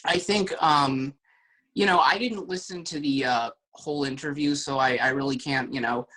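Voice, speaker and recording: A bright-voiced man talks as a guest on a casual podcast. He works through his thoughts out loud, hesitating often and falling back on filler words. His pitch sits in a middle range. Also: moderate pace, rough recording. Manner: hesitant, many fillers, thinking aloud.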